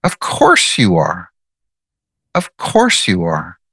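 A man's voice: low voice, huge pitch swings, slow, sharp tone, breathy edge, no echo. A man leads a devotional Bible teaching in an earnest, emphatic way. His voice swings freely up and down as he presses his points and repeats key lines. The sound is dry, with no room around it.

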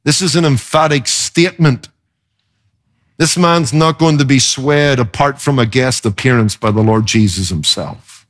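A male pastor delivers a sermon at a measured pace, speaking expressively and emphatically and often swinging his pitch for effect.

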